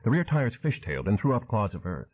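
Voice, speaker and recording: A man's voice: on the low side, big pitch swings, fast talker. A man narrating an audiobook thriller with dramatic storytelling. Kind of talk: scripted narration. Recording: tinny phone-like audio.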